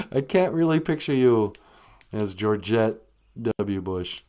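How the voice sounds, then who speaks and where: A man's voice: lowish voice, lively intonation, slow pace, mellow. A man hosting a casual, comedic live stream, telling stories and teaching words in a jokey way, laughing often.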